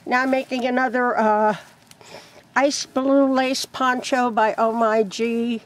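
A woman's voice: fairly high pitch, steady tone, slow. A woman chatting casually and rambling, laughing often, outdoors by a chicken coop. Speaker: crochet vlogger. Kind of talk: casual vlog chat.

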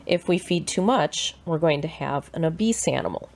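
A woman with a Midwestern American accent giving a clear, measured, scripted presentation as a shelter educator. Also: low voice, expressive, a little mellow.

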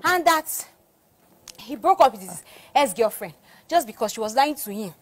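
A woman's voice: fairly high pitch, expressive, moderate pace. A woman playing a scheming young gold-digger who talks boastfully and scornfully.

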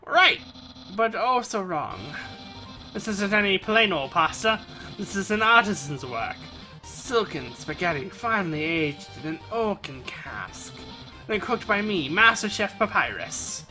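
Brief: man putting on a loud, pompous cartoonish skeleton, high and bright, game music under it. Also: sing-song, measured pace, exaggerated voice. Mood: pompous excited. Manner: pompous, shouty, dramatic. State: straining throat. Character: boastful, theatrical male skeleton.

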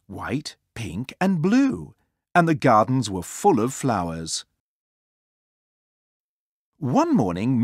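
A storybook narrator reading a children's tale aloud in an expressive, sing-song way. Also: medium pitch, dry recording, clean studio sound.

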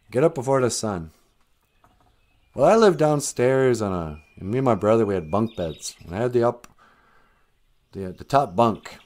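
A man's voice: mid-range voice, a little mellow. A middle-aged man telling a story in a casual, chatty way, chuckling often and restarting his phrases.

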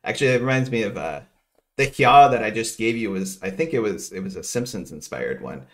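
A man's voice: fairly low pitch, expressive, fairly quick. A middle-aged man from New Jersey giving a casual economics lecture, working through equations aloud with rambling asides and frequent self-interruptions.

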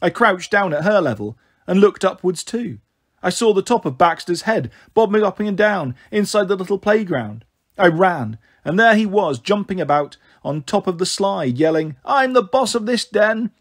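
A man reading a storybook aloud in a steady first-person narration. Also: sits high, normal speed, slightly rough. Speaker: storybook reader.

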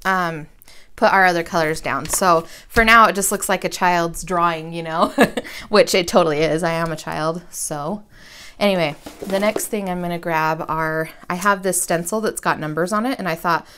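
A woman's voice: lowish voice, normal speed, fairly bright tone, smooth. A woman in her thirties chatting casually through a crafting tutorial at her home desk, rambling and self-deprecating with slangy asides. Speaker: crafting vlogger.

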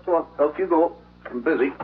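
A man's voice: fairly high pitch, brisk, slight background noise, natural voice. An actor playing a stern, curt male country veterinarian, in an old film. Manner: curt and dismissive. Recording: tinny old film soundtrack, faint music.

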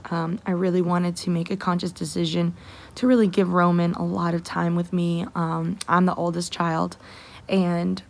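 A young woman in a personal vlog, talking softly and emotionally with many fillers. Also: lowish voice, little pitch movement, normal speed, gravelly. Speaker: vlogger.

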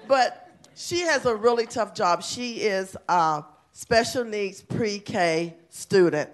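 An enthusiastic woman principal speaking at a council meeting. She talks in a chatty, warm-hearted rush and often breaks into laughter. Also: mid-range voice, expressive, takes it slowly. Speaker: elementary school principal. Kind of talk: award presentation speech. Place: city council chamber.

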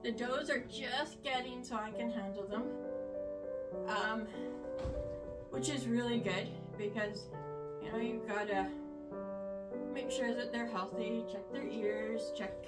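An older woman showing her rabbits in a casual vlog, rambling with fillers and talking softly to the animals, recorded in a shed. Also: a little high, fairly even intonation, slow, pauses often. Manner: soothing, coaxing with animals. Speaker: homesteader. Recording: echoey, distant from the mic, music behind.

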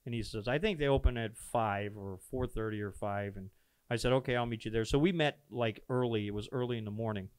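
A man with a smooth, resonant voice tells a personal story on a podcast. He is earnest and animated, acting out each quoted exchange. The sound is dry and close, with nothing heard behind him. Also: medium pitch, brisk, dry recording. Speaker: pastor telling a founding story. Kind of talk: casual storytelling conversation. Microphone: podcast microphone.

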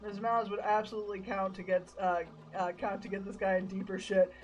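A woman's voice: mid-range voice, little pitch movement, fairly quick, highs cut off, a little hiss or hum. A young adult woman streamer giving casual, sarcastic commentary while playing a game. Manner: wry, sarcastic, laughs often. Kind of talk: casual let's-play commentary.

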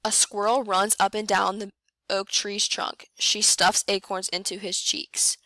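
Female teacher reading a picture book to first graders; bright voice, dry close sound, acts out the animal noises. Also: no room sound. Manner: reads slowly and clearly, voicing animal sounds with lively jumps in pitch. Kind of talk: picture book read-aloud for children.

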